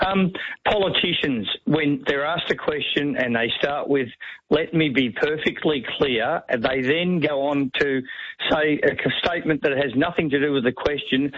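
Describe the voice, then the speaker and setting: A man's voice: on the high side, fairly bright tone, breathy edge, no room sound. A man calling a radio show, speaking with wry humor. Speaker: caller. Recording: muffled phone line.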